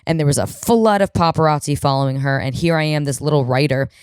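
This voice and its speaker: Low-voiced woman telling a comedic story. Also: fast, smooth, dry recording, clean studio sound. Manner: animated, self-deprecating, swears freely, jumps between quoted voices. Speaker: podcast host.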